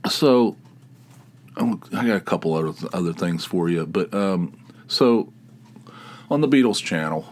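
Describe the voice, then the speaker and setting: A man's voice: sits low, lively intonation, unhurried, pauses often, a little mellow. A man hosting his own podcast, telling a story casually, rambling with many restarts and chuckles. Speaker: podcast host.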